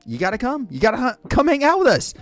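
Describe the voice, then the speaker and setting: A man hosting a livestream in casual chat, excitable and jokey, greeting viewers by name and saying "freaking" constantly. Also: extremely high pitch, quick pace, soft background music. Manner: excitable, says "freaking" constantly, shouts out names; jokey and hyperbolic. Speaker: livestream host.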